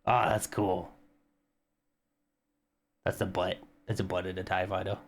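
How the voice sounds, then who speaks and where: A man's voice: low voice, little pitch movement, a little slow, a little hiss or hum. A man casually chatting with viewers on a live stream while building a model kit, rambling and humming tunes as he works.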